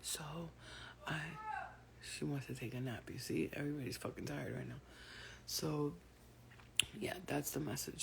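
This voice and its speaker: A woman's voice: low-pitched, steady tone, a little slow, gravelly, pauses often, noisy background. A woman vlogger talking casually to her viewers about spiritual experiences, rambling, swearing freely and sounding tired. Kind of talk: casual spiritual talk to camera.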